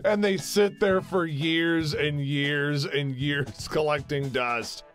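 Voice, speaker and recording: A young man casually riffing on memes in a jokey, animated way. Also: a little high, slow, soft background music. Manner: jokey, animated, slips into silly voices. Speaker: meme commentary host. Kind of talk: casual meme commentary.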